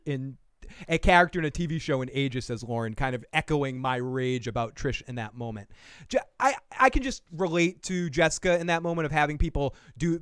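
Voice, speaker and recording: Male podcast host, fairly high voice, dry close mic, profane heated rant style. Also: a bit bright, clear, resonant tone, no echo. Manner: ranting, profane, acts out characters' lines. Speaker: podcast host reviewing a TV show. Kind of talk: casual recap chat.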